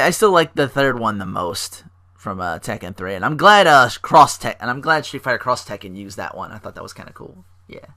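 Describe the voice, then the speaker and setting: A man hosting a casual solo podcast, rambling excitedly with swearing and fillers. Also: medium pitch. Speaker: podcast host.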